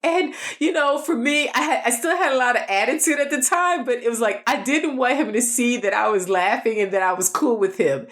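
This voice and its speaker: A woman's voice: on the high side, a bit bright. A woman hosting a podcast, telling a personal story, laughing often and checking in with her listeners. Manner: laughs often, drawn-out delivery, keeps asking "okay?". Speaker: podcast host.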